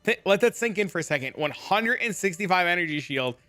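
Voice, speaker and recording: Animated swearing streamer man. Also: high voice, brisk, few pauses. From New Jersey. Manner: animated, swears, reads chat aloud. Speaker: game streamer. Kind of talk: casual live-stream chat.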